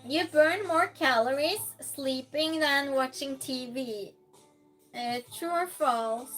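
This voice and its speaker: Woman streamer hosting a quiz, high voice, unhurried, reads chat aloud, switches between loud and hushed. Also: soft background music. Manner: reads chat aloud, slow and chatty, swings between loud outbursts and soft near-whispers. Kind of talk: casual live-stream chat.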